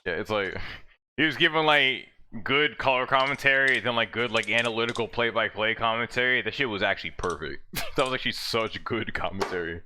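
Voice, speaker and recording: A man's voice: mid-range voice, a little fast, sharp tone, a little hiss or hum. A man streaming and chatting loosely about a fighting game, swearing freely and laughing often. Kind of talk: casual gaming chat.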